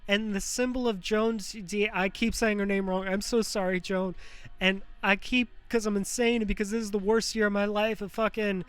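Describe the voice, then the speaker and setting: Guy with a high clean voice, rambling and swearing, kinda raw and teary, restarts a lot. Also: fairly even intonation, moderate pace, fairly bright tone, clear, resonant tone, no echo. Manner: rambling, profane, frequent fillers and restarts; emotionally raw, close to tears. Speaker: show host. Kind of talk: rambling personal monologue.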